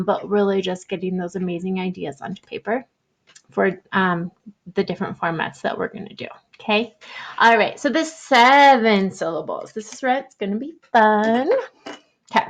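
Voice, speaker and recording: Gentle woman teacher thinking aloud. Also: medium pitch, dull audio. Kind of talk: online writing lesson for young students.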